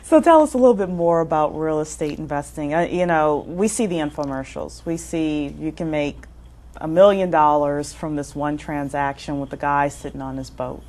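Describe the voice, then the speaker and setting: A woman's voice: low voice, moderate pace, a little mellow. Woman host with a scripted welcome. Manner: scripted intro, frequent mm-hmm backchannels. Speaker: show host. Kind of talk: interview hosting.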